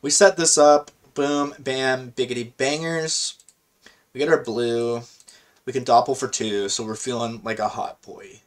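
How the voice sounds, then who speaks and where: Male gaming host, mid-pitched, loose and slangy, reacting live as he plays. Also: unhurried. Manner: chatty, slangy, excitable, thinks aloud. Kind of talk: casual live gameplay commentary.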